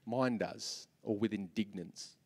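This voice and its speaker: A man with an Australian accent preaching a sermon as pastor, animated, swinging from soft asides to loud repeated lines. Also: lowish voice, slow pace, slightly rough. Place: large church hall. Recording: long reverb of a church hall.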